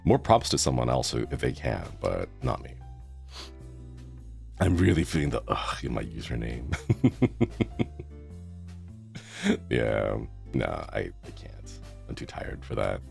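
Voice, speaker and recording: A man in his thirties chats with his stream audience, answering chat with groans and laughs. His voice sits very low with a gravelly edge and swings up and down a lot. Faint music plays behind him. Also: very animated, slow pace, pauses often. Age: 30s. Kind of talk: casual live-stream chat.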